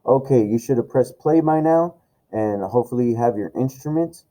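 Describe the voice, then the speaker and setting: A man's voice: mid-range voice, lively intonation, moderate pace, mellow, poor audio. A man teaching an online music lesson, loose and encouraging, talking with plenty of fillers. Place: home room with camera and tablet.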